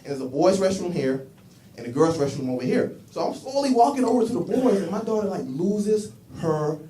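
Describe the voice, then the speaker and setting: High-voiced male comic in an echoey room. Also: a little fast. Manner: animated storytelling, voicing characters in his bits. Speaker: stand-up comedian. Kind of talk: stand-up comedy set. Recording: echoey room, mic heard from a distance. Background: audience laughter.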